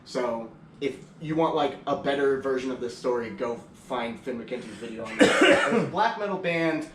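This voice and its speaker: A man's voice: mid-range voice, expressive, normal speed, fairly bright tone. A young man chatting casually on a podcast, laid-back and swearing freely as he tells stories. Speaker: podcast host. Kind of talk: casual chat. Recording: echoey room, from a distance, faint hiss.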